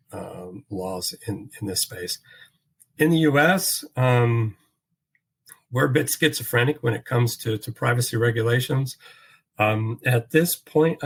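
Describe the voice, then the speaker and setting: A man speaking as a standards expert in a panel discussion, measured, with frequent fillers and restarts. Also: medium pitch, fairly bright tone, husky, rough recording.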